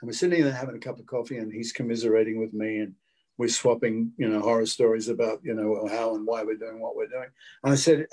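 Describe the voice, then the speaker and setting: A man's voice: fairly low pitch, fast talker. A man, a guest actor telling a story casually over a video call and acting out the quotes. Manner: animated, acts out the quotes.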